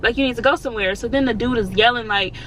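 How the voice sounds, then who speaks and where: Young woman vlogger, animated storyteller; bright, slightly high voice. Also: quick pace, slight background noise, rough recording. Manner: animated, slangy, acts out quotes. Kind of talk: storytime vlog.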